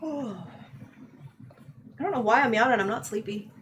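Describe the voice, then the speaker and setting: Chatty higher-voiced woman on a livestream. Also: normal speed, background noise. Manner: chatty, laughs often. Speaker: livestream co-host reading chat. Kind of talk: casual livestream chat.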